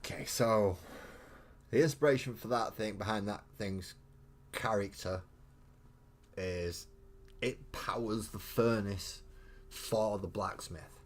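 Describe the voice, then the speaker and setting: A deep-voiced man chats loosely on a live stream while painting miniatures. He rambles, tosses in mild swearing and pokes fun at himself. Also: takes it slowly, pauses often. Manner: rambling and chatty, mild swearing, self-mocking asides.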